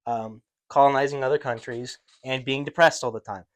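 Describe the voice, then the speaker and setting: A podcast co-host in loose, casual conversation. The delivery is sarcastic and joking, with quick dry asides. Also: medium pitch, steady tone. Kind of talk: casual chat.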